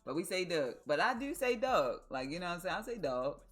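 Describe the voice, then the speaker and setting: A woman with a Baltimore accent chats on a live stream, swearing freely and spinning jokes. Her voice sits fairly low but swings widely in pitch. Faint music plays in the background. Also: fast talker. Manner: joking, profane, animated storytelling. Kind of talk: casual chat.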